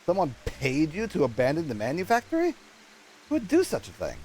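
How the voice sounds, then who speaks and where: A man's voice: fairly high pitch, huge pitch swings, a little fast, darkish tone, rough recording. A man voicing a polite, proper male noble patron, reading game dialogue aloud in a formal manner and stumbling over words.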